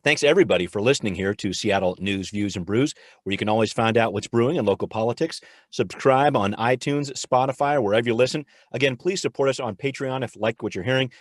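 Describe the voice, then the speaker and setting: A man's voice: mid-range voice, fast talker, no echo, studio quality. A man hosting a local politics podcast, chatting casually and joking while he eats cookies. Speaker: podcast host. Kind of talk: casual chat.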